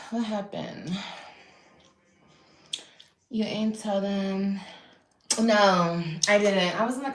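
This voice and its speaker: A woman in her thirties telling stories in an animated way, often laughing and mimicking others. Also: mid-range voice, drawn-out words, pauses often, roomy sound. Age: 30s. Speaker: YouTuber. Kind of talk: casual storytelling on a clip.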